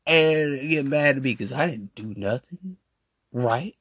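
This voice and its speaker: A man ranting casually in a voice message, animated and repetitive with slang. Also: medium pitch, slow, slightly rough, no room sound, studio quality. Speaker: podcast host. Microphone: phone voice message.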